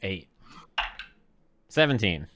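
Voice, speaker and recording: A man's voice: deep voice, sing-song, slow pace, fairly bright tone. A man playing a tabletop game, laid-back, calling out his dice rolls. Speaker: player. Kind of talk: casual game chat.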